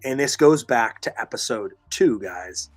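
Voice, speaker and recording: A man's voice: mid-range voice, lively intonation, a little slow, dry recording. A man co-hosting a podcast, giving earnest, emphatic advice and reading listener comments while losing his voice. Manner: emphatic, repeats phrases, coaching tone. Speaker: podcast co-host.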